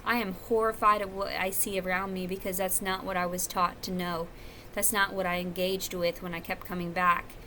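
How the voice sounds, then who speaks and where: A woman's voice: lowish voice, flat delivery, normal speed, bright, forceful tone, slight background noise. A woman talking to camera at home in a rambling, profane, confessional monologue. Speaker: vlogger. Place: at home, indoors.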